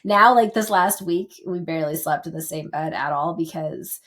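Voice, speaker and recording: A woman co-hosting a podcast in casual chat, talking in quick, animated bursts as she reflects. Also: low voice. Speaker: podcast co-host.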